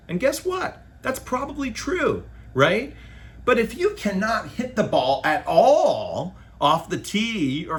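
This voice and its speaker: Laid-back male bassist ranting to camera; slangy, profane, pitch jumping around, sits a bit high. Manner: animated and loose, with slang and swearing. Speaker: bass player. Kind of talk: casual opinion monologue to camera.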